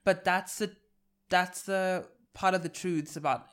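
A South African woman with a South African accent, co-hosting a podcast in candid, animated casual chat. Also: fairly low pitch, unhurried, clean tone. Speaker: podcast co-host.

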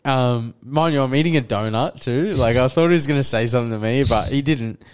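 The voice belongs to a young podcast co-host, mid-range, smooth, and a little fast. In casual chat he tells a rambling story, restarting sentences, leaning on "like," and acting out what people said.

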